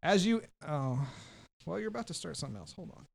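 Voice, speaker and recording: A man narrating as game master in a tabletop game, relaxed and jokey, laughing often. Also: a little high, fast talker, creaky.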